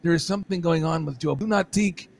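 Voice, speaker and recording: High-voiced, rambling man guest. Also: quick pace, creaky, darkish tone. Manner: rambling, joking, emphatic, with many restarts. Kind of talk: excited podcast interview talk.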